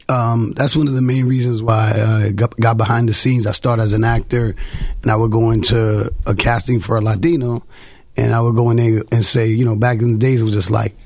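A man in his forties works as a casting director and tells his stories as a panel guest. He talks in an animated way and often restarts his sentences. The sound is dry and close. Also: mid-range voice, moderate pace, gravelly, dry recording.

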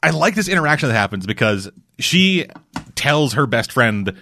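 A man's voice: medium pitch, sing-song, moderate pace, pushed and bright, dry recording, studio quality. A man co-hosting a podcast in casual chat, loose and rambling, peppered with swearing and fillers. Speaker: podcast co-host.

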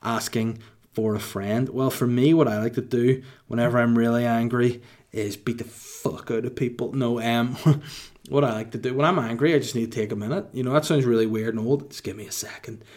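A man's voice: medium pitch, a little fast. Joking Northern Irish man. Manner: mock-boastful, deadpan joking banter. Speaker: host answering listener questions. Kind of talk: casual comedic Q&A chat.

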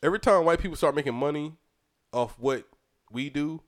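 A man's voice: fairly high pitch, brisk. A man with a New York accent, hosting a podcast in loose, joking casual chat, swearing and laughing often. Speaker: podcast host.

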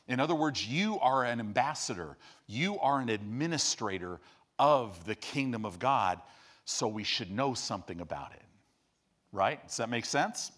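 A man preaching a sermon in an animated storytelling style, acting out quotes as he teaches. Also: mid-range voice.

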